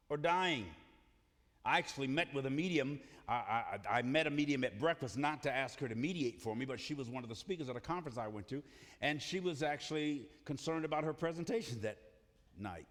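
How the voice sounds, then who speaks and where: Bright-voiced preacher in a reverberant hall. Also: male voice, on the high side, expressive, fairly quick. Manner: emphatic, calls on the congregation to repeat phrases. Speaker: pastor. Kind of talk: sermon. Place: church sanctuary.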